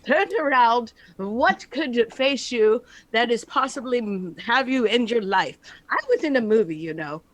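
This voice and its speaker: Brief: female player, joking, role-playing a boastful actress, animated pitch. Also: unhurried, few pauses, dry recording. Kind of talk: playing a character at a tabletop game.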